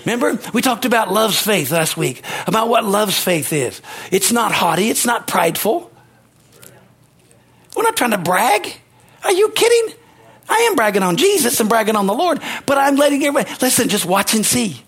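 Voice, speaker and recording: A male pastor delivering an emphatic sermon, his voice pitched high with a husky, breathy edge. He repeats lines for emphasis and drops in amens and hallelujahs, building to ringing exclamations. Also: big pitch swings, brisk, a bit bright. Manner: emphatic preaching with rising exclamations.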